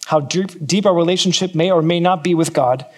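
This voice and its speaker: A man's voice: on the high side, fairly quick. A man from California, preaching a sermon to a church and repeating key phrases for emphasis. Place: church in New Zealand.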